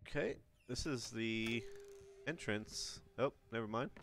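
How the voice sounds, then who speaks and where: A man's voice: medium pitch, slow, background noise. A man commenting casually as he plays a horror game, muttering to himself and reading notes aloud. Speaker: gamer. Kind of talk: let's play commentary.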